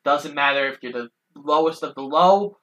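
A podcast co-host narrating a film's plot in a steady, matter-of-fact way. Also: medium pitch, normal speed, lo-fi sound.

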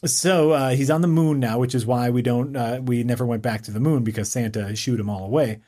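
A man co-hosting a casual chat, talking in a rambling, enthusiastic way full of fillers and restarts, and quick to laugh. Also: medium pitch, steady tone, dark tone.

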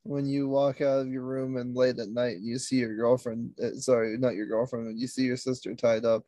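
A young man co-hosting a casual podcast, teasing and deadpan. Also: mid-range voice, moderate pace, dry recording. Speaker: podcast co-host.

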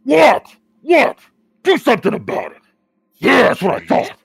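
A man voicing a brash, violent male brute who shouts and taunts. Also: sits high, very animated, normal speed, creaky, no echo, pitched above the performer's own voice, full character voice. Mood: aggressive.

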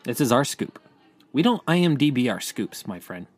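A man co-hosting a casual entertainment news podcast, chatty and quick to restart his sentences. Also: medium pitch, very animated, no room sound.

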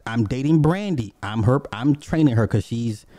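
Blunt, dark-voiced man telling stories. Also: mid-range voice, moderate pace, no echo, clean studio sound. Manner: blunt, animated storytelling with frequent asides. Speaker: podcast host. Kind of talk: casual profane commentary.

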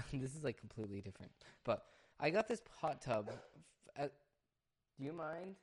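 A young man hosting a casual solo podcast, chatting in a rambling way and often breaking off to hush his dog. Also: medium pitch, very animated, a little fast. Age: young adult. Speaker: podcast host.

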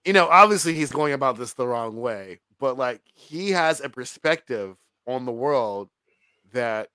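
Animated, profane man reviewing a film. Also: medium pitch, a little slow, no room sound. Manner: animated, profane, laughs often. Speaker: podcast co-host reviewing a film. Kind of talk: casual film review chat.

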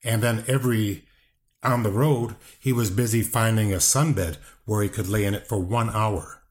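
A man's voice: on the low side, steady tone, normal speed. An older man speaking bluntly and defensively as an interview guest, with rambling restarts and swearing. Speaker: wrestling guest, brother of the subject. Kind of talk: casual interview talk.

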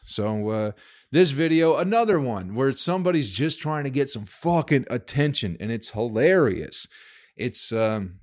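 A man hosts his podcast alone. He rambles through crude, profane stories in a casual, mid-pitched voice. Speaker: podcast host. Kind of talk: casual solo podcast monologue.

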